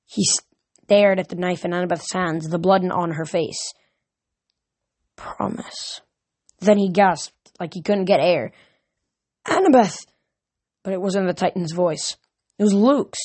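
Woman reading a fantasy book out loud, trips on words sometimes and starts over. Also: on the low side. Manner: reads with small slips and restarts. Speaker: audiobook reader. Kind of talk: reading a novel aloud.

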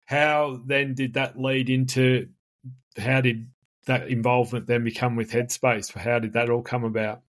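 A man hosting a podcast, asking a guest questions in a relaxed way with filler phrases. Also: medium pitch, a little slow. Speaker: podcast host. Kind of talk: interview questions.

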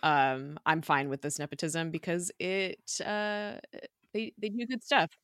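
A woman's voice: lowish voice, steady tone, measured pace, fairly bright tone, dry recording, clean studio sound. A young adult woman co-hosting a podcast, chatting casually, laughing often and retelling scenes with quoted lines. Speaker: podcast co-host. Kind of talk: casual podcast recap chat.

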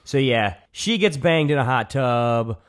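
A man's voice: medium pitch, expressive, a little slow. A man co-hosting a podcast, chatting loosely and crudely about an old action movie, joking and swearing with lots of fillers. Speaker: podcast co-host. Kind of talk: casual crude movie-review chat.

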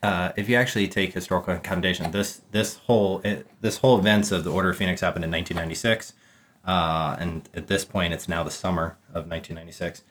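A man co-hosting a casual book podcast, teasing in a deadpan, mock-lecturing way. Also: low-pitched, fast talker, a little hiss or hum. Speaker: podcast co-host. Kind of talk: casual book-club chat.

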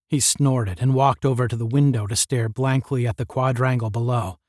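A man narrates an old space-adventure novel in an even, measured storyteller's voice. His pitch is medium. The sound is dry and close, with no room around it. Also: no echo. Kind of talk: audiobook narration.

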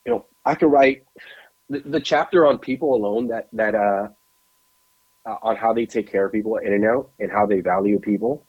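A man co-hosting a podcast, telling a lively story with emphatic repetition into a studio mic. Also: fairly low pitch, normal speed, husky, muffled recording. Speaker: podcast co-host. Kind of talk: animated storytelling chat.

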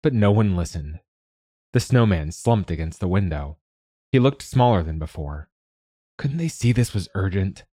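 A man narrating a children's story in a measured, gentle reading. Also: low voice, animated, dry recording, studio quality.

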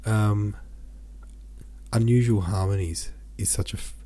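Husky low-voiced congested podcast host. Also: male voice, steady tone, unhurried, dark tone. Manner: chatty, rambling asides. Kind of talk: casual chat.

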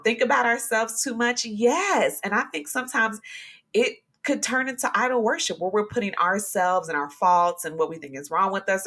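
A woman with a fairly low voice hosts a faith podcast in a chatty, off-the-cuff way. She speaks straight to her listeners and encourages them, now and then jumping up into high exclamations. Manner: talks to listeners directly and warmly encouraging. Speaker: podcast host. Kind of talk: casual devotional podcast talk.

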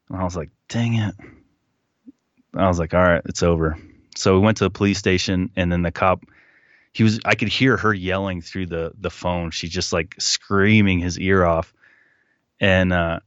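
A man guest telling a personal story in a casual, animated way, acting out what people said. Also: low-pitched, no echo, lo-fi sound. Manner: animated retelling, acting out quotes. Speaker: podcast guest.

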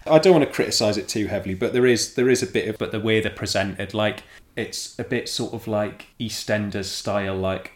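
A man co-hosting a casual book chat, talking in an animated way with lots of fillers. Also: lowish voice, brisk. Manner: animated, filler-heavy, jumps into voices. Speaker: podcast co-host.

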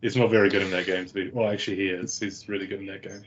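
A man's voice: low voice, level tone, racing. A man hosting a casual podcast, laid-back and rambling, swearing freely. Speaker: podcast host. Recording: dull lo-fi sound.

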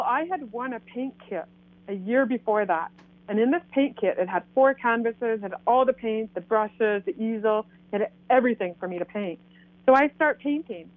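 Canadian woman, lively storyteller voicing quoted lines, heard through a thin, phone-like line. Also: on the high side, no echo. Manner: animated, acts out quoted dialogue. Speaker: guest telling her story. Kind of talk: casual storytelling. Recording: tinny phone line, dry.

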